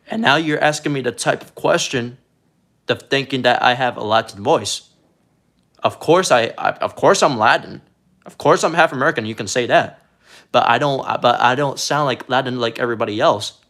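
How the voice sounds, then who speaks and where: Man from Puerto Rico, live streamer, earnest and defensive, mid-pitched, stumbling restarts. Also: a bit bright. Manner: rambling, halting, repeats words. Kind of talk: casual live-stream chat.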